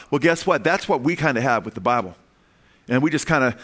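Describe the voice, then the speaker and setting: A man's voice: medium pitch, fast, a bit bright. A man preaching a conversational sermon, asking the audience questions and dropping his voice on key words.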